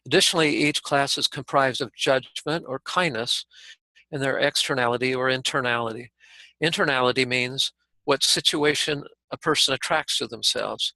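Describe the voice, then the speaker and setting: A man reading an explanatory text aloud in a steady, even way. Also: mid-range voice, normal speed, vocal fry, no echo, low-quality recording. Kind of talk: scripted reading.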